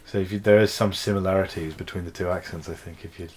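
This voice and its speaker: Low-voiced man chatting, faint noise behind. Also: fast talker. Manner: relaxed, hesitant, hedges with "I think". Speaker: podcast co-host. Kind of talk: casual chat.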